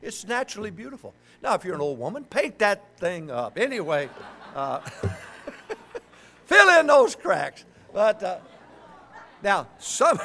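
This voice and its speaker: An older man preaching a sermon, joking and calling on the congregation to answer back. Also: high-pitched. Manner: joking, animated, call-and-response with the congregation.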